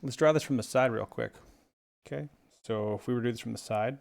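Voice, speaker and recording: A man's voice: mid-range voice, fast, creaky, darkish tone. A man teaching a drawing tutorial in a playful, chummy, jokey way. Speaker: art instructor.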